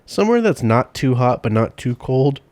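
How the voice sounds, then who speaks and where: A man co-hosting a casual chat podcast, blunt and deadpan, swearing often. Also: medium pitch, normal speed, dry recording. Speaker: podcast co-host.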